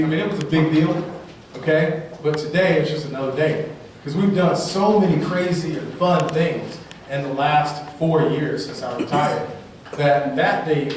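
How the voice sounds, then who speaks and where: A man giving an energetic motivational talk at a live sales rally, telling stories and often asking the crowd "right?". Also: on the high side, slight background noise. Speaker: motivational speaker. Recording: echoey hall, from far off.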